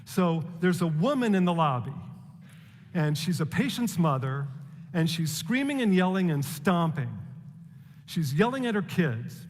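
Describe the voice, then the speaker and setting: A man giving a prepared public talk, measured and deliberate, asking rhetorical questions. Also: high voice, sing-song, long reverb tail.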